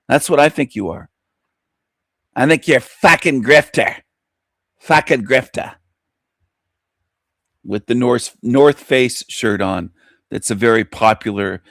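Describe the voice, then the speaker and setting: A man's voice: medium pitch, dry recording, studio quality. A man hosting a reaction commentary, mocking and confronting the video he is watching. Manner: mocking, confrontational, talks back at the clip.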